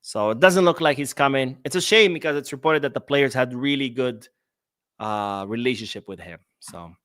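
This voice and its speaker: A man's voice: mid-range voice, normal speed, fairly bright tone, no room sound, clean studio sound. A young man hosting a live-streamed football podcast, ranting sarcastically and reading out viewer comments. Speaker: podcast host.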